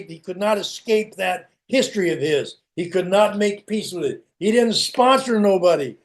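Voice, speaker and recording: A man's voice: sits high, darkish tone. A middle-aged man giving a candid, plain-spoken personal recovery share over a video call. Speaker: recovery meeting speaker.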